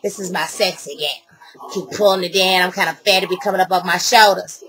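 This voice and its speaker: A woman's voice: lowish voice, fairly even intonation, brisk, fairly bright tone, poor audio. A middle-aged woman ranting to camera, heated and blunt, with a lot of swearing. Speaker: vlogger.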